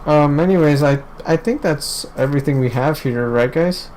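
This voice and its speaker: A man's voice: fairly high pitch, moderate pace, darkish tone, rough recording. A young man hosting a casual gaming podcast, rambling with lots of fillers and casual swearing. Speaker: podcast host. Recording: faint background noise.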